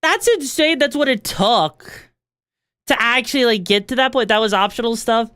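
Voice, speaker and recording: A young woman streaming a video game, reacting excitedly, swearing freely and tossing in fillers and tag questions. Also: fairly high pitch, normal speed, smooth, no room sound, clean studio sound. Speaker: VTuber streamer. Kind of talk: live gameplay commentary.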